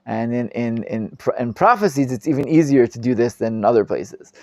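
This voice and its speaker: A man, a rabbi, teaching a live Bible class, reading Hebrew commentaries quickly and explaining them in English with frequent Hebrew terms. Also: no room sound. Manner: animated, acts out quoted speakers with sudden loud pitch jumps.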